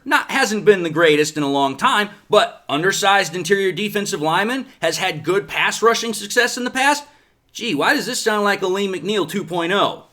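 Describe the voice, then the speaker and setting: A man hosting a sports commentary show, talking in a sarcastic, animated way with lots of rhetorical questions. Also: sits high. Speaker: sports podcast host.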